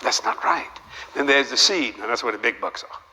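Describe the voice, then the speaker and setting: Bright-voiced older male preacher, echoing hall. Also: medium pitch, a little fast. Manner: animated, joking storytelling with repeated rhetorical questions. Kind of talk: sermon. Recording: long hall reverb, faint background noise.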